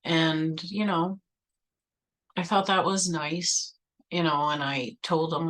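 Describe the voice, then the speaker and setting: A woman's voice: sits low, steady tone, slow pace, long pauses, a bit bright, low-quality recording. A woman vlogger telling a personal story in a chatty way, full of "like" and "you know," acting out her own past replies.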